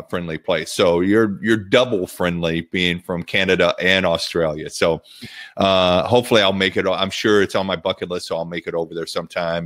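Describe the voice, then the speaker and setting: A man with a deep, low voice hosts a podcast in casual conversation. He talks upbeat and chatty, sprinkling in ums and restarts. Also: fairly bright tone. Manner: upbeat, chatty, many fillers. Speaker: podcast host. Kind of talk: casual interview chat.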